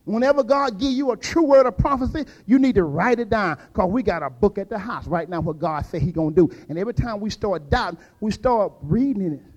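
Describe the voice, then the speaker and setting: An older man preaching a fervent sermon, dropping to quiet asides and rising to shouted peaks. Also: high voice, lively intonation, fairly quick, few pauses, muffled recording.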